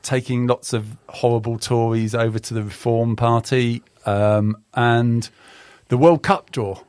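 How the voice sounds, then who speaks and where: A man hosting a casual news chat in a studio, with a nasal voice from a cold and a relaxed, wry way of talking. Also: mid-range voice, unhurried, clear, resonant tone, no echo. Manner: relaxed, wry, chatty with fillers. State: under the weather, nasal. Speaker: podcast host and journalism lecturer.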